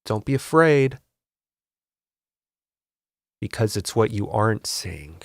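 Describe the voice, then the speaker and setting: Male host, gravelly voice, dry close mic, rambling mock-serious tutorial with frustrated swearing. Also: on the low side, very animated, slow, no room sound. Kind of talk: casual comedic screen-recorded tutorial.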